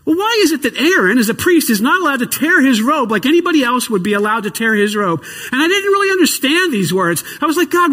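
A man's voice: very high-pitched, husky. Impassioned preacher man in a reverberant hall. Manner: impassioned, swings between hushed and shouted. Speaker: pastor. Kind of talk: sermon.

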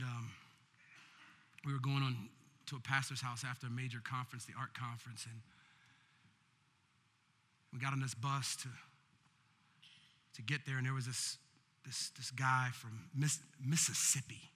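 A man's voice: mid-range voice, bright, forceful tone, breathy edge. A man preaching a sermon as pastor, building in intensity, with call-and-response. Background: faint keyboard music.

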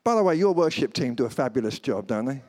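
A man's voice: mid-range voice, fast talker, slight background noise. A man preaching a humorous sermon at a church service, telling stories and slipping into comic voices. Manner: animated storytelling, slips into comic voices. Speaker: guest preacher. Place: church service before a congregation.

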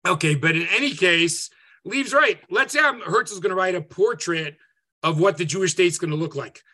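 A man teaching an interactive online class as a rabbi, conversational and lively, often checking in with "right?". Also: high voice, moderate pace. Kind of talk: interactive Zoom lecture. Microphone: video call.

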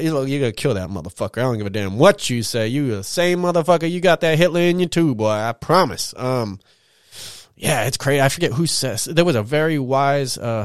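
A young man's mid-range voice fills a studio-quality recording with no room sound as he rambles candidly and profanely on his own podcast, tagging lines with a drawn-out "man."

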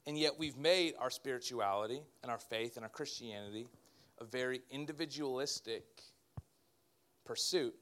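A man, a pastor, preaching a sermon in an animated way with joking asides to his congregation. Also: mid-range voice.

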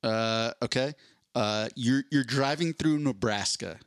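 Dude rambling through a story on a podcast, mid voice, dry close mic. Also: male voice, mid-range voice, unhurried, no room sound. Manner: rambling storyteller, acts out cop and dispatcher voices. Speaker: podcast co-host. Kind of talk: casual chat.

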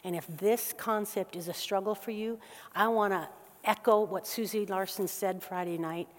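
A woman preaching a sermon to a church gathering, moving between soft, slow passages and loud, quick bursts. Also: medium pitch. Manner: animated, swings from soft and slow to loud and fast. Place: church hall. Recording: long hall reverb.

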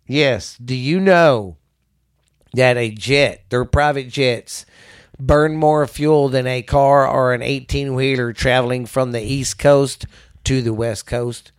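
A man's voice: medium pitch, takes it slowly, clear, resonant tone. A man hosting a casual talk show, ranting bluntly with lots of swearing.

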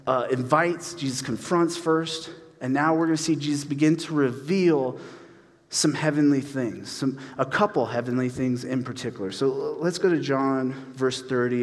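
A man preaching a casual sermon as pastor, animated and acting out voices in his stories. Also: mid-range voice. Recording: long hall reverb.

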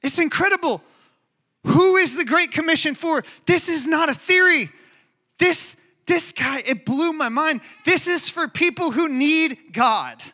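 A male pastor giving a sermon, telling stories in a lively, conversational, emphatic way. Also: very high voice, unhurried. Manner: animated storytelling, conversational and emphatic.

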